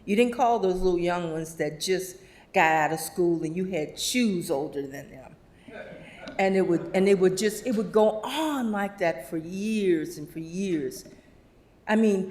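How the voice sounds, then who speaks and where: A woman's voice: fairly low pitch, expressive, unhurried, a little mellow. Brief: middle-aged woman, eulogy storyteller, laughs through anecdotes, mimics voices. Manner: anecdotal, laughs often, acts out quoted voices. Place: funeral service.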